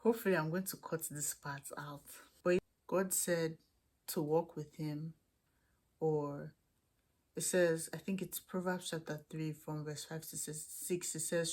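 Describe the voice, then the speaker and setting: A woman's voice: low voice, fairly even intonation, measured pace, a little mellow. A young woman vlogging casually, answering questions and hesitantly searching for her words. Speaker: student vlogger.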